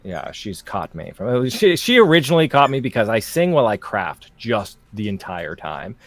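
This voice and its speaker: A young man co-hosting a crafting livestream, chatting casually in a jokey, animated way with frequent restarts. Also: lowish voice, normal speed, dry recording.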